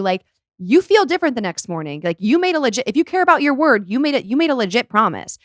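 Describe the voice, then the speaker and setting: A woman's voice: on the high side, no room sound, clean studio sound. A young woman hosting a podcast, chatting casually and acting out quoted voices as she talks. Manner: chatty, animated, quick to act out quoted voices. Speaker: podcast host. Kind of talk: casual chat.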